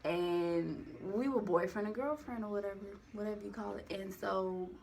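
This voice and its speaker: A woman's voice: mid-range voice, moderate pace, creaky, a little mellow, a little hiss or hum. A young woman telling a personal story into a phone camera, rambling and candid with lots of profanity and slang. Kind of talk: casual storytime monologue.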